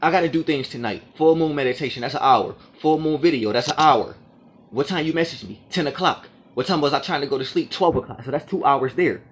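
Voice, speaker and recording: A man's voice: fairly high pitch, brisk. Aggrieved man ranting to camera. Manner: aggrieved and profane, repeating his points. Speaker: vlogger.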